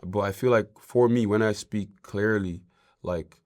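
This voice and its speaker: Speaking a little slowly in a fairly low voice, this young man from Ireland is a guest on a casual interview. He rambles easily and leans on plenty of fillers.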